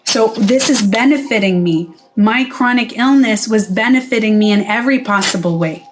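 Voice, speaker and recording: A woman's voice: fairly high pitch, normal speed. A middle-aged woman, a former spa owner, talking straight to camera in a casual vlog. She is blunt, swears freely and acts out the voices she quotes.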